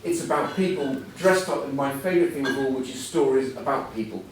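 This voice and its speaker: A man's voice: medium pitch, lively intonation, a little fast. Middle-aged male guest speaker, anecdotal and wry, distant mic in a reverberant room with faint hum. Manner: anecdotal, self-deprecating, chatty storytelling. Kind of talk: after-dinner style motivational talk. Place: large event hall before an audience. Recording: echoey hall, voice from far off. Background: audience laughter.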